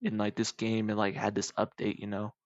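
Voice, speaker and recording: A young man rambling casually to his YouTube viewers, jumping into high squeaky voices for the people in his made-up stories. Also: completely flat delivery, a little fast, dry recording, highs cut off.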